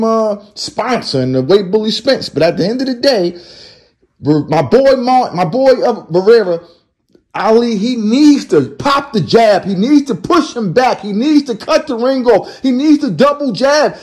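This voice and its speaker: A man giving loud, animated, slangy commentary over fight highlights as the channel's host. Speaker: boxing commentator. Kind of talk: casual live fight commentary.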